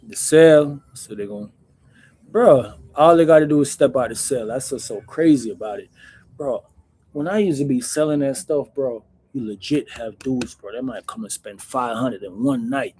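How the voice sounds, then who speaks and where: A man hosting his own channel, telling stories in a casual, animated, slangy way, calling everyone "bro". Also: medium pitch, normal speed, breathy edge. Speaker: channel host recounting prison life. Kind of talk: casual storytelling to camera.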